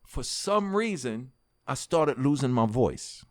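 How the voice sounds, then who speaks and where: Speaking slowly in a mid-range voice, a middle-aged American rapper with a New York accent recounts a lengthy story on a podcast. It's a casual interview, and he plays it up, voicing the other people in the story and swearing liberally.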